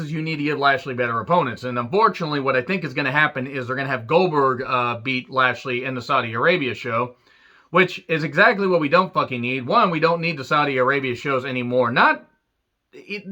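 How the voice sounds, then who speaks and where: A man's voice: mid-range voice, pushed and bright, dull audio. A man ranting through a wrestling show recap with sarcastic crude jokes and frequent swearing.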